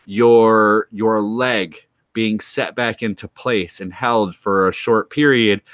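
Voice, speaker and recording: A man's voice: lowish voice, fairly bright tone, dry recording. A man streaming live, rambling and joking through loose asides to his chat.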